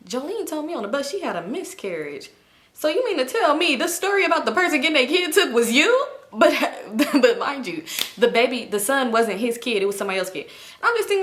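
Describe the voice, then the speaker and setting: Bright-voiced woman telling a storytime. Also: a little high, a little fast. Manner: animated retelling with quoted voices and swearing. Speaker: storytime vlogger. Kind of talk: casual storytime.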